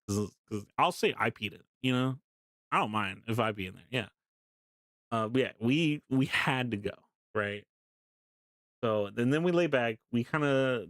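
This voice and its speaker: A man's voice: medium pitch, no echo, clean studio sound. Laughing, swearing young streamer man. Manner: animated and swearing, laughing often while telling the story. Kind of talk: casual storytelling to a live stream chat.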